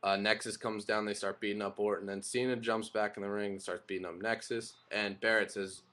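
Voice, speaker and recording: A man's voice: on the low side, flat delivery, fairly quick, bright, forceful tone. A young man casually recapping and reviewing a wrestling broadcast, rambling and opinionated, with frequent fillers and restarts.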